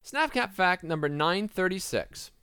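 Animated, laughing podcast host man. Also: high voice, measured pace, heavy background noise. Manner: playful, laughs often mid-sentence. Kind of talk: casual comedic podcast banter.

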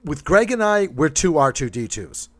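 Man telling a lively story. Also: on the high side, moderate pace. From Massachusetts. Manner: animated anecdotes, acts out other people's lines, laughs often. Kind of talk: casual storytelling chat.

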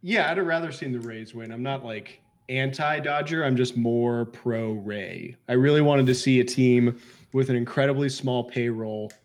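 A man's voice: medium pitch, moderate pace. A man co-hosting a podcast, making emphatic, opinionated points in casual banter. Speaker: podcast co-host.

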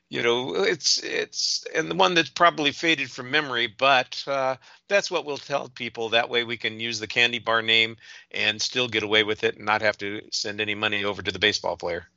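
A man guesting on a casual movie podcast, his voice strikingly bright and sharp. He talks in a wry, teasing way. The sound is dry and close, with a slightly dull lo-fi quality. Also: mid-range voice, steady tone, normal speed, creaky, no echo.

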